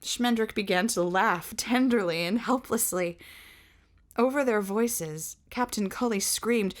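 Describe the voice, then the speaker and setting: A woman reads a fantasy novel aloud, narrating in a measured, expressive manner. Her delivery is that of a storybook reader taking her time over each passage. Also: medium pitch.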